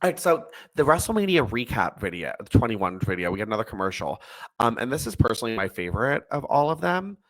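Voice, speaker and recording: A man's voice: mid-range voice, big pitch swings, quick pace, a bit bright. A man co-hosting a podcast in casual chat, laughing often and filling gaps with ums. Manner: chatty, laughs often, many fillers. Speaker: podcast co-host.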